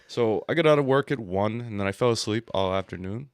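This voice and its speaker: Low, gravelly male podcast co-host, crude rambling humor, dry close-mic sound. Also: a little fast, no room sound. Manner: rambling, crude jokes, mock painting-show narration. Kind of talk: crude comedic podcast banter.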